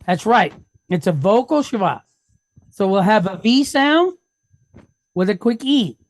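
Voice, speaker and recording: A woman's voice: medium pitch, animated, no room sound. A woman teaching a reading lesson, patiently sounding out each syllable and checking in with the class. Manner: sounds out syllables slowly, step by step.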